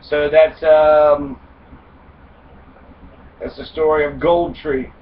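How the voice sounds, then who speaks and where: A man's voice: on the high side, flat delivery, slow. A man casually retelling a fairy tale for comedy, rambling, swearing and cracking jokes. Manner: profane, wisecracking, rambling with fillers. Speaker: podcast host retelling fairy tales. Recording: distant mic, dull lo-fi sound, faint noise.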